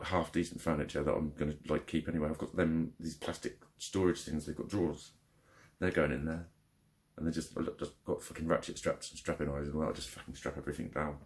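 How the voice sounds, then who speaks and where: A young vlogger vents his anger and frustration over a phone call gone wrong, swearing heavily throughout his rant. He has a bass voice with a level tone and talks fairly quickly.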